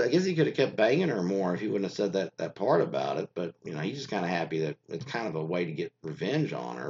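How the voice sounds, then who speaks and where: A man's voice: mid-range voice, slightly rough, highs cut off. A man hosting a casual podcast, reading out listener stories and rambling about them in a crude, meandering way full of fillers and restarts.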